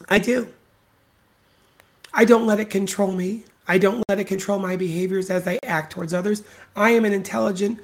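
An adult podcast host delivering a solo commentary rant, blunt and profane, repeating insults and points for emphasis. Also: medium pitch. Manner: blunt, profane and scornful, hammering points by repetition.

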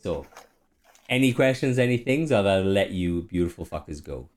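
A man's voice: sits low, expressive, moderate pace. A man running a tabletop role-play stream, chatting casually and swearing often. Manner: sweary, rambling, frequent fillers. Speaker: game master. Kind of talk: casual chat and reading lore aloud.

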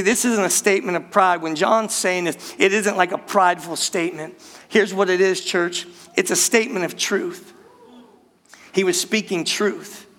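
A middle-aged pastor delivers his sermon in a high, light voice. He preaches in a loose, conversational way, calling out to the church again and again. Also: fairly bright tone. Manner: conversational preaching with repeated direct address to the church.

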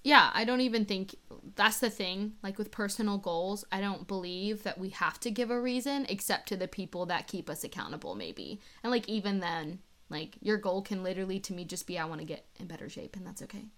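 A woman's voice: medium pitch, a little fast, hardly any pauses, sharp tone. A young woman co-hosting a podcast, chatting casually and often filling with "like". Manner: chatty, giggly, lots of "like". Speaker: podcast co-host. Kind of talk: casual chat.

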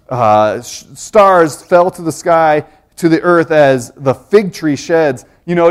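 A man preaching a sermon, teaching earnestly with rhetorical questions and frequent restarts. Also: a little high.

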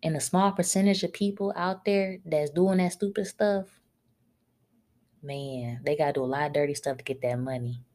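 Woman, podcast host, blunt scolding rant, lowish voice. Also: steady tone, normal speed, darkish tone.

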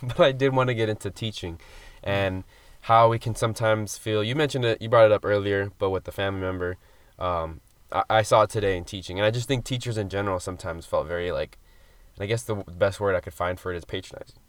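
A podcast co-host with a low-leaning voice talks fast into a studio mic with no echo. In casual chat, he rambles through a long story full of fillers and some mild swearing.

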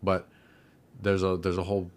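A man in casual podcast chat, patiently explaining pronunciation and slowing words down to demonstrate them. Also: sits low, monotone, a little mellow.

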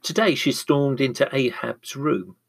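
Guy reading a bible story out loud, steady and clear, storybook style. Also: medium pitch, measured pace. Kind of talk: scripted narration of a bible story.

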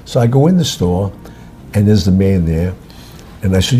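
Gravelly older New man telling stories. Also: sits low, fairly quick, a little hiss or hum. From United States. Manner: animated, acts out other people's lines in quotes. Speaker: actor and singer, guest. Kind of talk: storytelling interview.

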